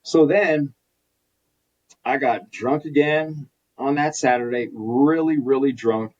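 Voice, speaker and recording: A husky-voiced man speaks earnestly, circling back and restarting as he tells his story. He sits back from the microphone, and the recording sounds dull and lo-fi. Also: mid-range voice, takes it slowly. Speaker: podcast guest. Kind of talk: candid personal storytelling. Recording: distant mic, dull lo-fi sound.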